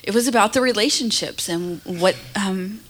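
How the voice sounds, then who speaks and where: A woman co-hosting a podcast in casual chat, emotional, stammering now and then with soft laughs. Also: medium pitch, moderate pace. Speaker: podcast co-host.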